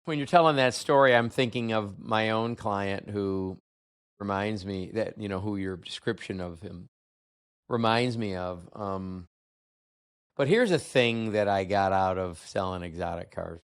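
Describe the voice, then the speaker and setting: A man's voice: on the low side, a little slow, clear, resonant tone. A middle-aged man hosting an interview, reflecting in a rambling, conversational way. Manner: reflective, rambling, with many restarts. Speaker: podcast host.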